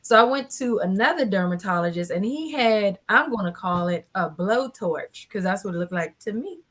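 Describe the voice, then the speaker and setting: A woman in her forties with a medium-pitched voice tells her story at a moderate pace as a guest in a casual panel chat. She is lively and acts out what others said.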